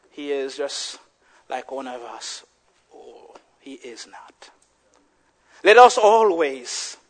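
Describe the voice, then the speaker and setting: A man preaching a sermon with passion, rising to shouts and dropping to hushed, quiet lines. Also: high voice. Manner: impassioned preaching, swinging from shouts to hushed tones. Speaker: pastor.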